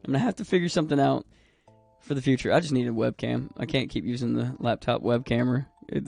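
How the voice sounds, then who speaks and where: Gravelly-voiced man rambling on a game stream. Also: medium pitch, darkish tone. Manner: rambling, swears freely. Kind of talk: casual gaming stream chat.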